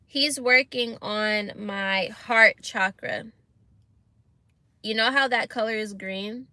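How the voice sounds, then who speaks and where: A young woman telling a story to her viewers in a casual vlog, animated and exasperated, using slang and talking straight to camera. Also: mid-range voice, takes it slowly, dry recording. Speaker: vlogger.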